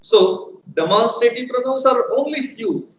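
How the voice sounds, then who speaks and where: A man teaching a grammar lesson, deliberate and repeating his examples for emphasis. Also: very high voice. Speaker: English teacher. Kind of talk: live educational lecture. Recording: roomy echo with faint room hum.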